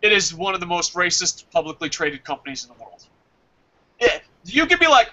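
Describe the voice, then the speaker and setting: A man's voice: high voice, normal speed. A man co-hosting a casual wrestling podcast, ranting with lots of swearing. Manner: profane, ranting, animated. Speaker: podcast co-host. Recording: dull lo-fi audio.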